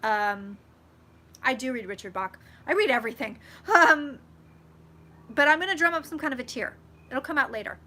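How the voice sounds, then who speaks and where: With lively intonation, a normal speed, and long pauses, the young psychic vlogger speaks in a high, pushed, bright voice. She's chatting casually on a live stream from home, gushing and swearing freely as she reads viewer comments.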